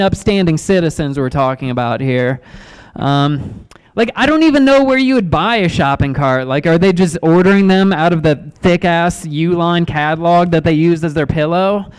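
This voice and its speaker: A man in his thirties doing a stand-up comedy set in a club, awkward and self-deprecating, halting with ums and restarts. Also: sits high, clear, resonant tone, poor audio. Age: 30s.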